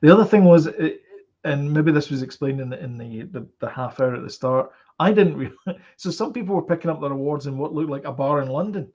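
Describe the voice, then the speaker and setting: This Scottish man co-hosts a podcast, speaking fairly quickly in a slightly high, somewhat mellow voice. He chats casually and rambles, with lots of fillers and restarts, over dull lo-fi audio.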